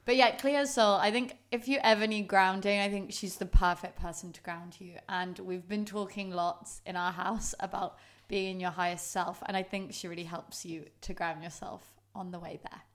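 A woman's voice: mid-range voice, steady tone, moderate pace. Chatty woman, podcast co-host, giggly casual talk at home on a close mic. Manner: chatty and giggly, many likes. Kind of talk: casual chat. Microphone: podcast microphone.

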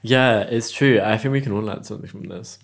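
A woman's voice: very deep voice, brisk, gravelly. A woman co-hosting a podcast from London in casual chat, laid-back with dry humor. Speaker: podcast co-host.

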